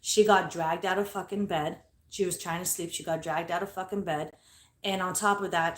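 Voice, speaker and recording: A woman's voice: on the low side, reverberant. A woman telling a ghost story from her bedroom at home in a casual, blunt way, swearing constantly. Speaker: paranormal investigator vlogger.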